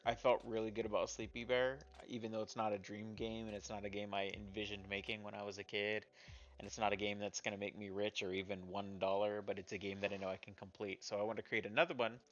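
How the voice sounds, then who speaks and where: Rambling low-voiced man with faint music. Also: dull audio. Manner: rambling, self-deprecating, lots of fillers. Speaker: indie game developer and streamer. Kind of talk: casual chat showing his games.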